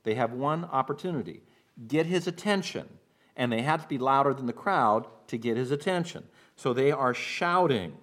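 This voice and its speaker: Pastor giving a sermon, mid-pitched man, explains verse by verse and acts out quotes. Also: animated, moderate pace. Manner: expository preaching, acts out shouted quotes.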